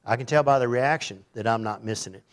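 A man's voice: mid-range voice, quick pace. A man preaching a sermon in a conversational way, reading scripture aloud and acting out the voices in it. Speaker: pastor.

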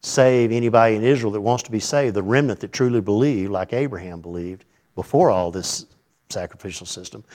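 Man preaching an animated sermon. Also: on the low side. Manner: animated, conversational preaching with big swings in loudness. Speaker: pastor.

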